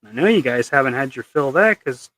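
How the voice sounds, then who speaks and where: An expressive man with a mid-range voice talks fairly quickly in a fairly bright tone, with no room sound. Hosting a live stream as he paints custom action figures, he chats with viewers in a jokey, rambling way and restarts often.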